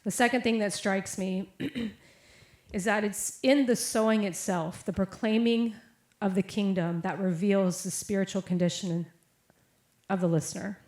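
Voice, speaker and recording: A woman's voice: medium pitch, steady tone, a little slow, darkish tone. Woman preaching a story-filled sermon, echoey room. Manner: casual storytelling with many fillers and quoted voices.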